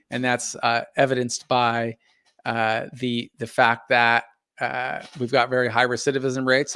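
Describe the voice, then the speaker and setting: A man's voice: mid-range voice, fairly bright tone, clean tone, no room sound, clean studio sound. A middle-aged man hosting a casual live stream, speaking earnestly and thoughtfully with many fillers and restarts. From United States. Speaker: live stream host reading viewer comments.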